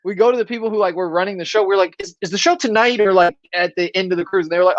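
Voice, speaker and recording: A man's voice: sits high, fast, no echo, dull audio. A male stand-up comedian from Florida telling anecdotes in casual chat, acting out quoted lines along the way.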